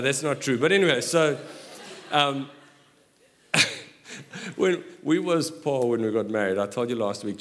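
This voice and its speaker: A middle-aged man preaching a sermon in an animated way, joking with quick asides. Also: medium pitch, a little hiss or hum. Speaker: pastor.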